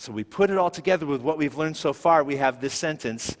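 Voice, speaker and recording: A man's voice: mid-range voice, normal speed, hardly any pauses. Patient male Hebrew teacher in echoey hall. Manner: patient, explains step by step, asks the class questions. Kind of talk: classroom lesson.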